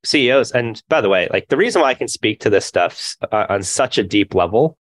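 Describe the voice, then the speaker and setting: A man's voice: fairly low pitch, animated, brisk. Earnest man speaking as an interview guest. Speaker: interview guest, company founder. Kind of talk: conversational interview.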